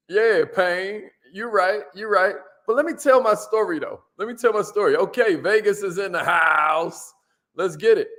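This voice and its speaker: A man hosting a live motivational stream, energetic and casual, greeting viewers by name and repeating his key lines. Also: high-pitched, normal speed.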